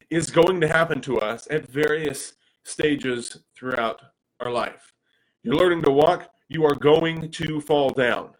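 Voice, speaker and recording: A man, telling personal stories as a father in an animated way, with frequent restarts. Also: fairly high pitch, measured pace, poor audio. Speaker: speaker and father. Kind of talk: personal storytelling talk.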